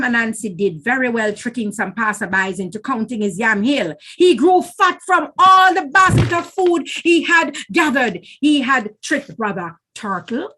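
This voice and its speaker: A woman reading a children's folk tale with a high voice and lively, swinging pitch. She takes her time and lets each line land expressively. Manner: expressive, slow and animated. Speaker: storyteller.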